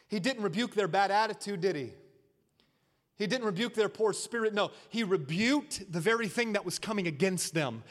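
A male pastor preaching a sermon with dramatic swings from shouts to hushed asides and repetitive, rhythmic phrasing. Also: high-pitched, in a large hall.

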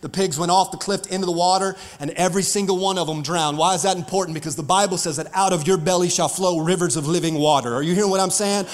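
A man pastor preaching a fiery sermon to his congregation, building up to shouts. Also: high voice, fairly even intonation, fast talker, few pauses, in a large hall. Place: church sanctuary.

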